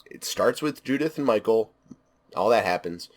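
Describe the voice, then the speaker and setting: Lower-pitched man giving an eager film review. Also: animated, moderate pace. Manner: enthusiastic, emphatic repetition. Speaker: movie reviewer. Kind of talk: casual spoken film review.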